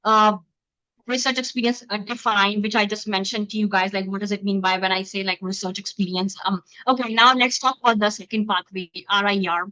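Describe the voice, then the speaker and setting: A woman from Pakistan giving an online webinar talk as a physician-scientist, speaking quickly from her home through a computer mic set back from her. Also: medium pitch, bright, forceful tone, no room sound. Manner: fast-talking, explanatory. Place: home, in the middle of moving. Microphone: computer mic, not close. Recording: dull lo-fi video call audio.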